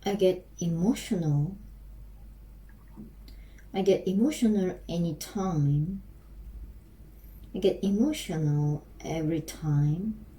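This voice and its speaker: A woman with a Korean accent practicing English on her own, haltingly repeating and restarting phrases. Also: fairly low pitch, mellow, poor audio. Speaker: language learner practicing English. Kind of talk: self-recorded English practice.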